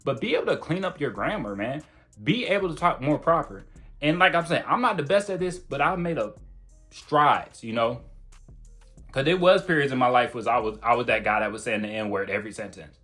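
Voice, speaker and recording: A man's voice: medium pitch, animated, brisk, pushed and bright, faint music behind. A man giving casual, blunt self-improvement advice straight to the camera, in a slangy, conversational way. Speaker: self-improvement video creator.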